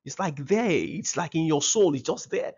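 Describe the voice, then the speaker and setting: Husky man giving a seminar talk. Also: a little high, lively intonation, moderate pace, darkish tone, muffled recording. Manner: emphatic, repeats key phrases. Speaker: parenting seminar speaker.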